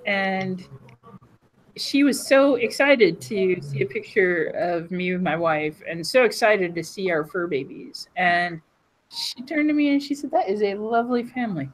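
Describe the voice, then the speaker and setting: A woman's voice: on the low side, animated, unhurried, poor audio. A woman, a conference keynote speaker, talking casually in a group chat and telling stories in a reflective way. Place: conference hallway.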